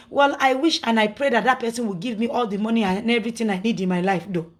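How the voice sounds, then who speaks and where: A woman's voice: on the high side, quick pace, few pauses, fairly bright tone. A middle-aged woman with a Nigerian accent, talking casually to her followers, indignant and preachy, full of rhetorical questions. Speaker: social media personality.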